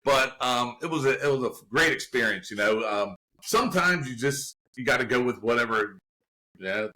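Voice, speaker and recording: A man with a bright, forward voice spins a casual story at a middle pitch. He talks in an animated way and laughs between lines. He is a guest actor from the Baltimore area. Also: normal speed, rough recording. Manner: animated, laughing anecdote telling.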